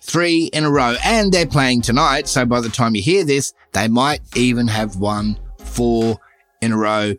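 A middle-aged Australian man hosting a podcast, telling stories in a chatty, animated way and jumping up in pitch for emphasis. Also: a little slow, faint music behind. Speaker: podcast host. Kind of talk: casual storytelling monologue.

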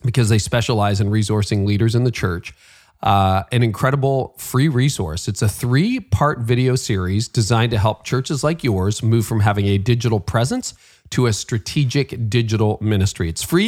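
A man's voice: medium pitch, animated, normal speed, darkish tone. A Canadian man hosting a leadership podcast, chatty and upbeat, laughing at himself now and then. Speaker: podcast host. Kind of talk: conversational podcast hosting with read ads.

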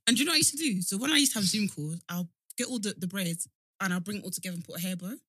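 A young woman, co-hosting a casual podcast chat, animated and teasing with lots of laughter. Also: mid-range voice, rapid-fire, no room sound, studio quality. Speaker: podcast co-host.

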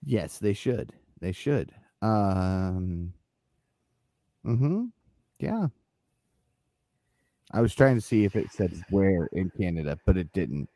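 A man's voice: low voice, lively intonation, slow pace, long pauses, warm tone, no echo. A man co-hosting a podcast, chatting casually and laughing often while looking things up. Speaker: podcast co-host. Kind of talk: casual chat about wrestling.

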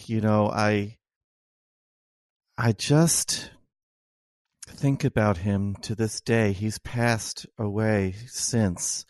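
A middle-aged man, an oncologist, telling a personal story as an interview guest, slow and halting with many restarts. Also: on the low side, darkish tone, no echo, clean studio sound. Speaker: oncologist and author.

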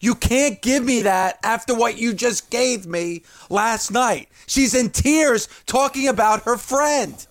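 A man with a fairly high voice hosting a wrestling talk show. He chats in an easy, emphatic way, backing up his co-host and piling on points. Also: slow pace, hardly any pauses. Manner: chatty, agreeing, emphatic. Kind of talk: casual chat.

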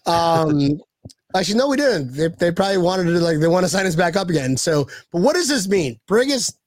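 A man's voice: sits high, sing-song, fairly quick, dry recording. An American man hosting a podcast, telling rowdy stories in casual chat with swearing and laughter. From United States. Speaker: podcast host.

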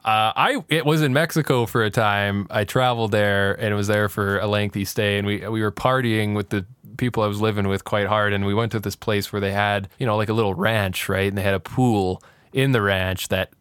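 A man's voice: on the low side, fairly even intonation, brisk, fairly bright tone, clear, resonant tone, no echo. A man co-hosting a podcast, telling a rambling story in casual chat and laughing often. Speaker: podcast co-host.

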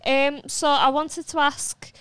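A woman hosting a podcast, asking her guests quick, upbeat questions. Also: high-pitched, level tone, crowd noise. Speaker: podcast host. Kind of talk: casual podcast chat.

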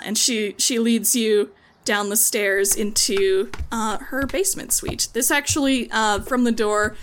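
A woman's voice: mid-range voice, fairly bright tone, a little hiss or hum. A woman narrating a tabletop game as game master, chatty and hedging with frequent likes and ums.

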